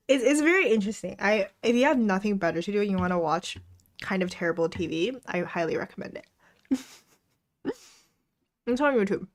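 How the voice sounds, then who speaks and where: A woman's voice: medium pitch, animated, moderate pace, pauses often. A young woman hosting a live study stream, chatting casually with viewers, reading their comments aloud and laughing often. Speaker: livestream host. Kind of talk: casual chat with a live audience. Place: home desk during a study stream.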